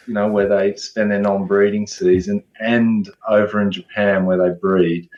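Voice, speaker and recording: A man speaks in a fairly low voice, answering questions casually and often restarting his sentences. The sound is dull and muffled, with a noticeable room echo around him. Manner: relaxed, hesitant restarts. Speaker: guest ecologist. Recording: echoey, dull remote audio.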